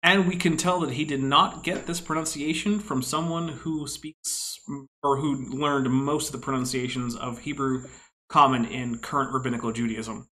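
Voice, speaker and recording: A man's voice: medium pitch, steady tone, normal speed, bright, forceful tone, rough recording. A man commenting casually on clips, explaining things at length in an analytical way with frequent asides. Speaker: podcast co-host.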